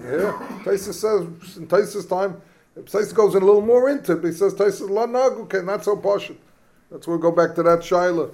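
A man teaches a Talmud class. He talks in a questioning, animated way, firing questions at his students. His tone stays lively throughout. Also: sits high, fairly quick, vocal fry. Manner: questioning, animated, mixes Hebrew and Yiddish terms.

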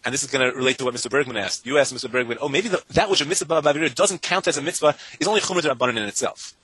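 A man teaching a Talmud class to students, animated and talking in rapid bursts, chanting the Hebrew and Aramaic texts in a sing-song lilt. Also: mid-range voice, husky, no echo, low-quality recording.

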